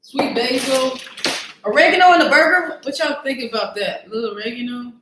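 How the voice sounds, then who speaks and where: A woman's voice: high voice, brisk, sharp tone, reverberant, a little hiss or hum. A woman hosting a casual live cooking stream, chatty and self-mocking as she talks to her viewers from a home kitchen. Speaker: cooking show host.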